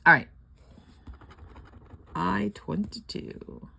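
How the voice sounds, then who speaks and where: A woman's voice: lowish voice, very slow, vocal fry, bright, forceful tone, slight background noise. An older woman chatting casually and rambling at home while scratching lottery tickets, laughing often.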